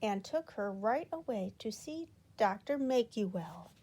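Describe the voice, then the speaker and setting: A woman reading a children's storybook aloud in an expressive, unhurried way. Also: a little high. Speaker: children's book reader.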